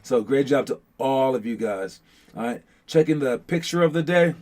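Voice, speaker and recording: A man in a medium pitch hosts a basketball show, talking loosely and directly to his viewers. He rambles, restarts his sentences and fills gaps with um and like. It sounds like relaxed, unscripted chat. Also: normal speed. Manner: rambling, many restarts and fillers, addresses the audience as guys.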